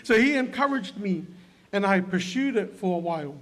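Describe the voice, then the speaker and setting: A man giving a heartfelt eulogy at a funeral service, telling stories haltingly with many pauses. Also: high voice, lively intonation, fairly bright tone. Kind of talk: emotional eulogy. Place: church service hall.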